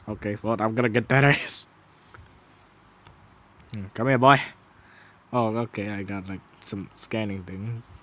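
A young man doing a casual voice-over of his gameplay, swearing, laughing and shouting in disbelief between low, mumbled asides. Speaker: gameplay commentator.

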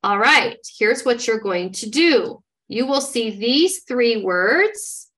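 Animated and a bit bright, this woman's slightly high voice moves at a slow pace as she, a literacy trainer, demonstrates a reading lesson. She sounds out each word part step by step, modeling the process encouragingly for her listeners.

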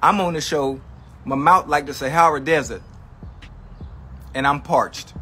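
Mock-outraged man ranting, slightly high voice. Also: a little slow, pushed and bright, husky. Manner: mock-outraged complaining, repeats himself, slangy and profane. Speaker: livestreamer addressing his chat. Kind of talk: comedic livestream rant.

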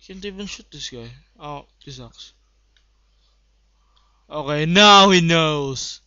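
Excitable young gamer yelling over clicks. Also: male voice, slow, clear, resonant tone, dry recording. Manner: bursts into excited shouts, then mutters low asides. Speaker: gameplay commentator. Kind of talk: live gameplay commentary. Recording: dull lo-fi home recording.

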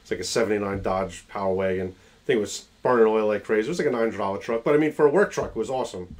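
A man's voice: on the low side, racing, a little mellow. A man hosting a live video call show, who laughs often and answers with short, enthusiastic replies. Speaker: host. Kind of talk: casual chat.

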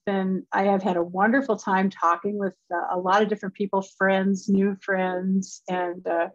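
A woman's voice: mid-range voice, little pitch movement, moderate pace, no room sound. An older woman from Wisconsin with a light Wisconsin accent, giving an academic lecture over a video call in a chatty way with friendly asides. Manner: chatty, warm asides and laughs between points. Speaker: guest lecturer. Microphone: remote video call. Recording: dull, dry video call audio.

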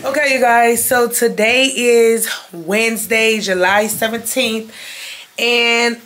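A woman's voice: on the high side, fairly even intonation, slow pace, a little hiss or hum. A young woman chatting casually to her viewers while shopping and at home, a bit out of breath, recorded on a handheld phone. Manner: chatty, addresses viewers as y'all. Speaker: vlogger, mother. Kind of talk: casual vlog chat. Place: grocery store, then home. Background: loud background music.

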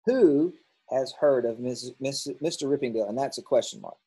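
A man teaching a grammar lesson, working through workbook answers out loud, thinking aloud and correcting himself as he goes. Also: mid-range voice, normal speed, husky, low-quality recording.

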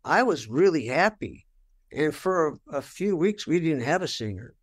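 Speaking at a normal pace in a slightly high, sing-song voice, this older man is being interviewed about his life as a rock guitarist. He swears freely, tells it straight, and performs what he used to say.

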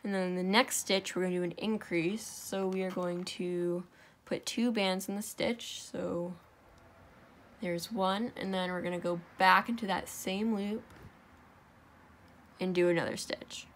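Young adult woman hosting a home craft tutorial; relaxed, chatty, fixes her slips aloud. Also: fairly low pitch, measured pace. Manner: chatty, self-correcting, talks while working. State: out of breath. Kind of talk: casual step-by-step craft tutorial.

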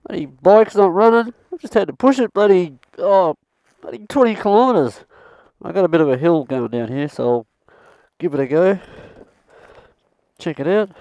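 A man's voice: sits high, moderate pace, pauses often, dark tone, dry recording. An Australian man vlogging outdoors in the bush, rambling and swearing mildly as he chats. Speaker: travel vlogger. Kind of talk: casual self-filmed chat.

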